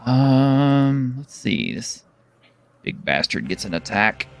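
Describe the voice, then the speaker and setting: A man narrating as game master of a tabletop game, relaxed and chuckling, with lots of fillers. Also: mid-range voice, slow pace, creaky.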